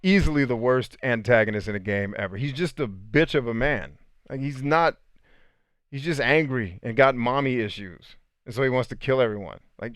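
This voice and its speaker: Man, 30s, casual livestream host, low smooth voice, animated and joking, dry close mic. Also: dry recording. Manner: animated, joking, swears freely. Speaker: podcast host answering live chat.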